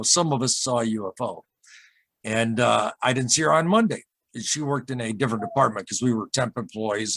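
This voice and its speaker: A husky man from Michigan, USA, guests on a casual interview and tells an emotional story about a UFO encounter. He rambles and halts, restarting often and drifting into asides. His voice is medium in pitch and a bit bright, with no room sound.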